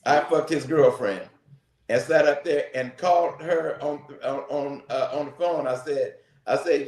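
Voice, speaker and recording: A man's voice: fairly high pitch, measured pace, darkish tone. Brash man in an echoey room. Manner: brash, boastful storyteller, repeats himself. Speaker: co-host of a live relationship talk show. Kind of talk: casual live-stream chat, storytelling.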